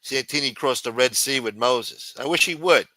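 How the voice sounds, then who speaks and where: A man's voice: medium pitch, normal speed, pushed and bright, slight background noise. A man ranting angrily and profanely as a podcast host. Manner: angry, profane, combative. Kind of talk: profane political rant.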